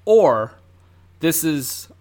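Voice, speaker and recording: A man's voice: on the high side, sing-song, drawn-out words, a little mellow. A man co-hosting a casual film podcast, chatty and full of fillers. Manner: chatty, many fillers, laughs easily. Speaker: podcast co-host. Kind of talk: casual film review chat.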